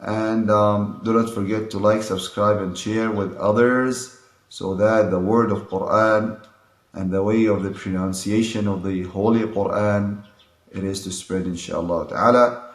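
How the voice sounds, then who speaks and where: Slow-speaking man teaching letters. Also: lowish voice, steady tone, reverberant. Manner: repeats sounds and phrases to demonstrate them. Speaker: Quran pronunciation teacher. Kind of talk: slow explanatory lesson with demonstrations.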